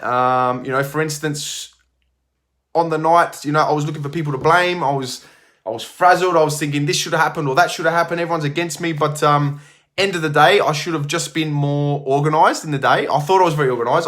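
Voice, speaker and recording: Rambling gym owner. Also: male voice, a little high, a bit bright. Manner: rambling, many fillers and restarts. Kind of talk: casual storytelling to camera.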